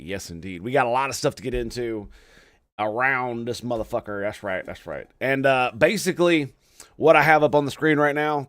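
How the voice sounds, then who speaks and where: A man's voice: mid-range voice, a bit bright, no echo, clean studio sound. A man hosting a casual livestream, theatrical, profane and boisterous as he chats with his viewers. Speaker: streamer host.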